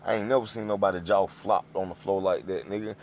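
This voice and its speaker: Guest rapper, low and animated, tells stories with voices. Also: male voice, fast, slight background noise. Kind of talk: casual storytelling.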